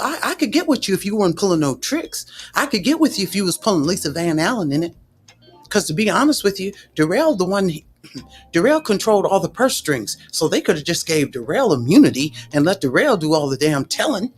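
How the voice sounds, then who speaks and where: An animated woman with a lively, swooping voice, holding forth in sassy, indignant livestream commentary. She talks straight back to her viewers, with faint music playing underneath. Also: lowish voice, fairly quick.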